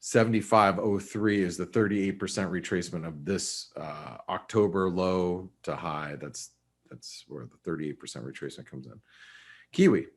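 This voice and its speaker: A man hosting a live trading webinar, talking casually through currency levels and often thinking aloud with quick restarts and asides. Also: low-pitched, slightly rough. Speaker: forex market analyst.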